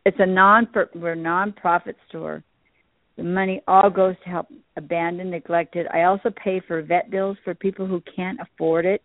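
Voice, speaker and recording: Low-voiced woman on a tinny phone line. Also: flat delivery, normal speed, no room sound. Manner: earnest, emotional storytelling. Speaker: guest, shop owner. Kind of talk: casual interview chat. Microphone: phone call.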